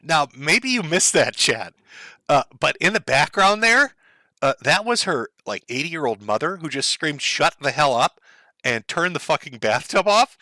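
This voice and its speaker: Sardonic, lively commentator man. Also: on the high side, a little slow, no room sound. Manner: profane, mocking, sardonic. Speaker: streamer reacting to clips. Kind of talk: sarcastic commentary over clips.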